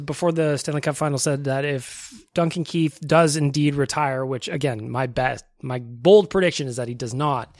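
A man's voice: on the high side, dry recording, studio quality. A young male podcast host chatting casually and enthusiastically, with self-deprecating humor.

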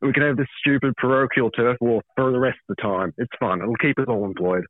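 A man's voice: mid-range voice, fairly even intonation, fast talker, no room sound. Wry Australian man on a tinny phone line. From Melbourne. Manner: wry, self-deprecating, laughs often. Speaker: guest editor on a phone call. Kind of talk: casual chat.

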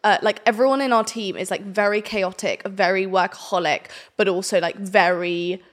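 A young woman hosting a podcast, chatting casually with teasing, quick asides. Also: mid-range voice, fairly even intonation. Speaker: podcast host. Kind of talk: casual chat.

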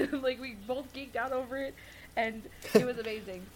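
A woman chatting casually on a podcast, excitable and gushing. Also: on the high side, moderate pace, low-quality recording. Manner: excitable, gushing fan talk. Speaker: podcast co-host. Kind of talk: casual chat.

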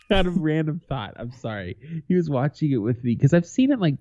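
A man co-hosting a casual podcast, his pitch leaping around as he tells loose, profane stories and breaks into laughter. His voice is mellow and dark. The sound is dry and a little dull, like a lo-fi home setup. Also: big pitch swings, normal speed, dry recording. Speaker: podcast co-host.

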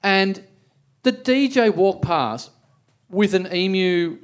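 A man hosting a live podcast, teasing a guest in an animated way. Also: sits high, takes it slowly. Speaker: podcast host.

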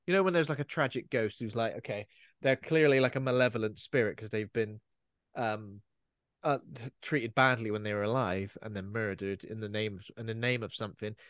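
A man's voice: mid-range voice, dry recording. A man co-hosts a podcast, chatting about a horror film in a joking, riffing way and tossing in mock character voices. The recording is dry and close, with no room sound. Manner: jokey, riffs with comic asides and voices. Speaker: podcast co-host. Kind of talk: casual chat recapping a film.

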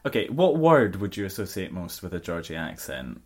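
A man's voice: deep voice, very animated, brisk, a little mellow, husky. A young Scottish man co-hosting a podcast in casual, playful chat. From Scotland. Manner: chatty, playful, laughs often. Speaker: podcast co-host.

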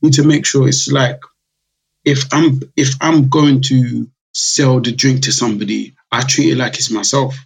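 Gravelly husky man. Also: medium pitch, steady tone, normal speed, poor audio. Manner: chatty storyteller, acts out customers' voices. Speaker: guest, drinks brand founder. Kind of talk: casual podcast interview.

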